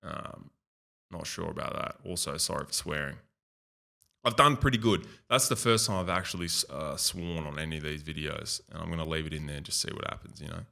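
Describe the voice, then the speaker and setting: A chatty Australian man talks through a screen tour in a casual, rambling way, doubling back on his own phrases. His voice sits low. It also has a bright, forceful edge. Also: brisk, gravelly. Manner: rambling, repeats himself, chatty asides. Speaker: video host.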